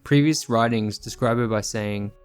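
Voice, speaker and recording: A man reading a scripted true crime narration in a measured, sombre manner. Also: mid-range voice, smooth, soft background music.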